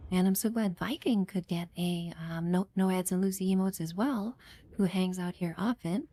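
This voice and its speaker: A woman's voice: lowish voice, moderate pace, mellow. Upbeat streamer woman, Chicago accent. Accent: Midwestern American, Chicago. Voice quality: chatty, upbeat, greets viewers by name. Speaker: live streamer. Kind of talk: casual live-stream gaming chat.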